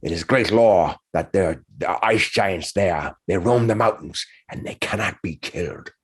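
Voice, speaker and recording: A man's voice: low-pitched, moderate pace, breathy edge. A man doing a stern, curt orc elder. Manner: curt, commanding. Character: stern older male orc tribe member, gruff mentor.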